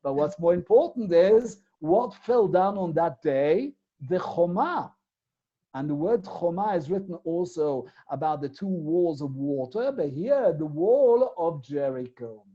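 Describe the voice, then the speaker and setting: A man's voice: fairly high pitch, lively intonation, unhurried. A man giving a Torah lesson, explaining step by step and posing rhetorical questions. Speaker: Torah teacher. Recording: dull lo-fi recording.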